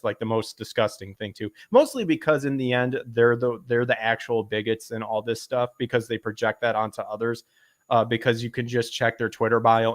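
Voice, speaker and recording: A man in casual podcast chat, ranting and swearing, his pitch jumping up when he gets worked up. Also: no echo, studio quality. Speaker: podcast host.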